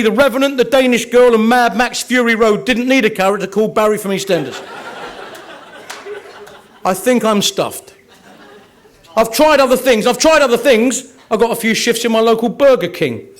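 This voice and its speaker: This after-dinner comedian from Kent, England, has a very high voice and a brisk delivery. He performs a cheeky, self-mocking stand-up routine at an awards dinner in a hotel function room.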